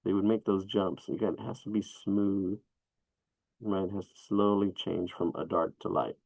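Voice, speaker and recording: Gravelly low-voiced man teaching drawing. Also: normal speed, dry recording, rough recording. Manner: relaxed, talks while sketching, coaching asides. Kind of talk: live drawing lesson.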